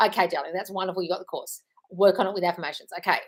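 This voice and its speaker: A woman's voice: fairly low pitch, rapid-fire, husky. Blunt, swearing woman coach on a live stream. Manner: blunt, swears casually, calls listeners darling. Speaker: manifestation coach. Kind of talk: live-stream Q&A reading viewer comments.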